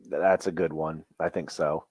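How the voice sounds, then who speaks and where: A man's voice: a bass voice, fairly even intonation, moderate pace, darkish tone, slightly rough, dry recording. A man co-hosting a casual podcast chat about wrestling, easygoing, cracking dry jokes. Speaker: podcast co-host.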